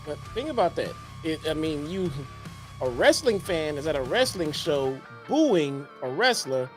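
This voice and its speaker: A man's voice: fairly high pitch, big pitch swings, unhurried, faint music behind. A man co-hosting a casual wrestling review show, reacting with incredulous, exasperated remarks. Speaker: podcast co-host.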